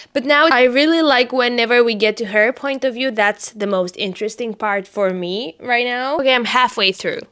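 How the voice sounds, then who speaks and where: Young woman book vlogger, high lively voice, faint music underneath. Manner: animated, gets loudly worked up. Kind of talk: casual reading vlog.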